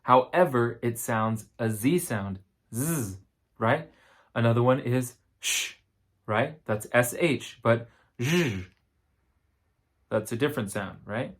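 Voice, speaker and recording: A man with a middle-pitched voice and a tired voice teaches a singing lesson. He explains each point step by step and breaks into short sung demo words. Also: measured pace.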